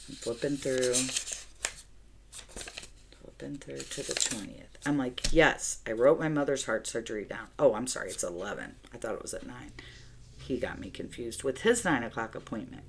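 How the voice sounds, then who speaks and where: Decorating her planner at home, a middle-aged vlogger tells a story in an extremely low, creaky voice, speaking at a measured pace and pausing often over background noise. She's chatty and animated, talking to herself as she decorates.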